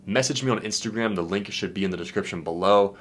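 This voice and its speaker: A young man, a dating coach, talking casually to camera in an excited, slangy way, swearing and saying "dude" a lot. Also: on the low side, quick pace. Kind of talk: casual vlog, reacting to a client's messages.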